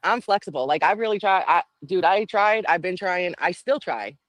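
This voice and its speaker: A woman's voice: on the low side, lively intonation, normal speed, no room sound. A woman calling into a live stream, chatty and teasing. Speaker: guest caller on a live stream. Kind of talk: casual live-stream chat.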